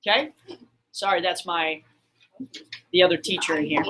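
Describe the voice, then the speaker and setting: A man's voice: high voice, big pitch swings, normal speed, pauses often, pushed and bright, slightly rough. A man teaching a math class in a classroom, upbeat and encouraging as he quizzes his students. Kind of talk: classroom lesson streamed online.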